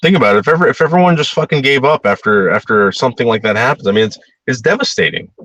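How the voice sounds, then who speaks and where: A man's voice: mid-range voice, animated, quick pace, fairly bright tone, dry recording. A man talking casually in a rambling monologue, repeating words and growing heated.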